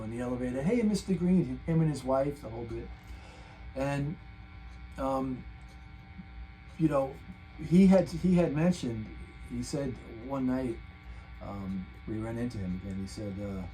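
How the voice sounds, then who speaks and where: Older man, rambling story, mellow voice, faint guitar music behind. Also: medium pitch, low-quality recording. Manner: chatty, meandering, full of restarts. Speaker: guitar channel host. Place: home room, guitar nearby.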